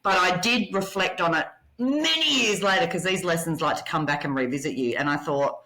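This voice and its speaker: Blunt, forceful woman telling stories. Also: lowish voice, a little fast, poor audio. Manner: blunt, swears freely, animated. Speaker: podcast guest. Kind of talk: candid personal storytelling.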